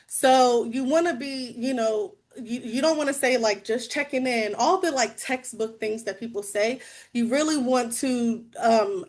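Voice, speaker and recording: A woman guest speaker giving a bubbly, chatty sales-training talk over a video call. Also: on the high side.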